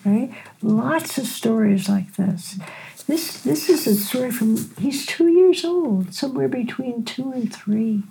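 Older woman, gentle storyteller, gravelly and mellow tone. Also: on the high side, expressive, a little hiss or hum, rough recording. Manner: gentle unhurried storyteller, frequent "right?". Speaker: physician and teacher. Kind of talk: storytelling in a conversation.

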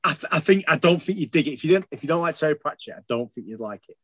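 A man's voice: on the high side, expressive, racing, fairly bright tone, slightly rough, no echo. A man chatting casually on a podcast, rambling and enthusiastic, swearing freely. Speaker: podcast co-host.

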